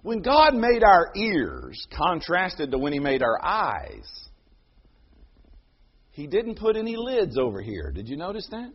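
A middle-aged man delivers a sermon in a high, lively voice that leaps up and down in pitch. His tone is a little husky, and the recording sounds dull and lo-fi. He swings from loud proclaiming to hushed storytelling. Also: unhurried. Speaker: preacher.

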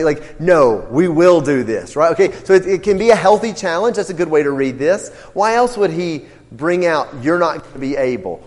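Bible class teacher, male, questioning and emphatic, fairly high voice. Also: darkish tone, long reverb tail. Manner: questioning, emphatic, acts out quotes.

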